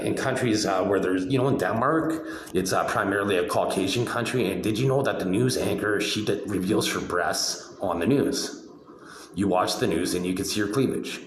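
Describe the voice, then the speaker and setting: A man's voice: deep voice, a little hiss or hum. A man talking alone to the camera in a rambling monologue, firing repeated rhetorical questions and tagging his points with "right?". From Canada. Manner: repetitive, insistent rhetorical questions, trailing "right?". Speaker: video blogger. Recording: echoey room.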